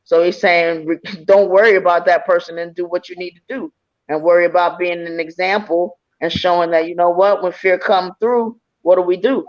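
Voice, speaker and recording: A woman's voice: on the low side, steady tone, moderate pace. Encouraging woman medium over dull stream audio. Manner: encouraging, rambling, many fillers. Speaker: psychic medium. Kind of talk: live spiritual reading.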